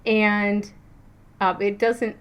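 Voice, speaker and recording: A middle-aged woman, a spiritual teacher and coach, talking casually to her viewers, chatty and animated, with plenty of fillers and restarts. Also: mid-range voice, extremely slow, clean tone. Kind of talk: casual teaching talk to camera.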